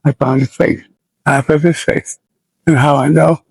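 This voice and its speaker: An American man in his seventies, an army veteran recalling his service in a plainspoken, halting and somber way for an interview. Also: on the high side, fairly even intonation, vocal fry, a little mellow, husky, no room sound, rough recording. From United States. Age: 70s. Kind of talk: oral history recollection.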